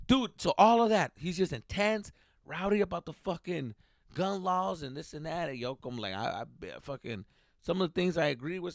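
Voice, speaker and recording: A man from California who hosts a comedy podcast and tells a profane, animated story, laughing often. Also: mid-range voice, creaky, dry recording, clean studio sound.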